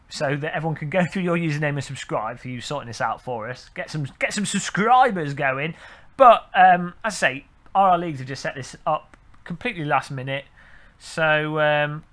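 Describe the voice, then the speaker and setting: A man's voice: fairly high pitch, a bit bright. A man streaming a racing game, chatting and joking with his viewers while he sets up a server. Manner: chatty, jokey, talks to chat while setting up. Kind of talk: casual live-stream chat.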